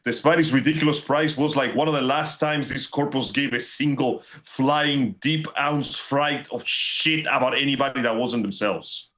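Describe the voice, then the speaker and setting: A man's voice: mid-range voice, moderate pace, few pauses, a bit bright. Opinionated ranting podcast co-host man. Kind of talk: casual chat.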